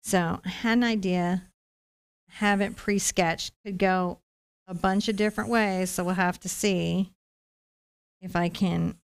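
A woman's voice: fairly low pitch, steady tone, measured pace, gravelly, long pauses, clean tone. A woman hosting a live acrylic painting tutorial, explaining each step in a chatty, encouraging way. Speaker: painting instructor and live-stream host.

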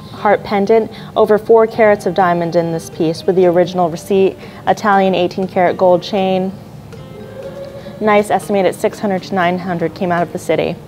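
A woman's voice: mid-range voice, warm tone, poor audio. A woman presenting jewelry and watches in an auction preview, describing each piece with admiring remarks and small apologies, over faint music. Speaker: auction house jewelry specialist.

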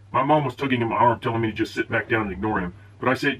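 A man reading online posts aloud in a plain, steady way, with the odd stumble over a word. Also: medium pitch, quick pace, hardly any pauses. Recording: distant, dull and husky-sounding.

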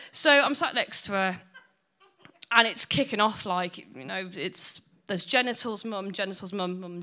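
A woman's voice: fairly high pitch, bright, forceful tone. A woman doing blunt, sweary, self-mocking stand-up storytelling. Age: 20s. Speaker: stand-up comedian.

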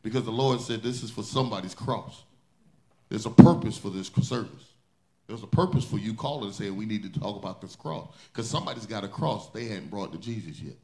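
A man's voice: lowish voice, lively intonation, brisk, creaky, warm tone. A male pastor preaching a sermon, building intensity through repeated refrains.

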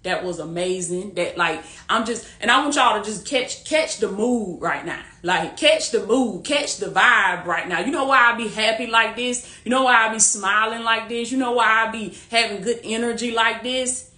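Over a phone or webcam, a woman coaching from a faith-based angle gives her livestream a casual pep talk in a bright, slightly high voice with reverb. She speaks at a moderate pace with hardly any pauses, repetitive and rallying, preachy but warm-hearted and quick to laugh.

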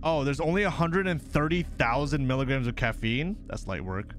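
A young man hosting a horror game playthrough, reacting excitably with shouts and laughs. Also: mid-range voice, normal speed, a little hiss or hum. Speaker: gaming video host.

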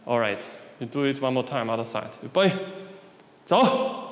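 A qigong instructor leads an exercise class in short commands and simple, non-native English, often checking in with "yeah?". His medium-pitched voice is expressive and a little slow, with long pauses, heard from some distance in an echoey hall.

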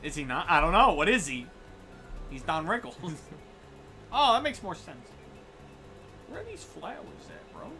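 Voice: medium pitch, very animated, a little slow, long pauses, sharp tone, faint music behind. A game streamer joking and teasing through a let's-play session. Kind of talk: casual let's-play banter.

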